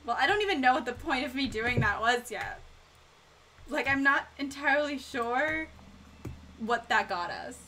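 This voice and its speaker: A woman's voice: high voice, animated, moderate pace, bright, forceful tone, slight background noise. A young woman streaming a game, chatting casually and flustered, swearing and laughing as she plays. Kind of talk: casual gameplay commentary.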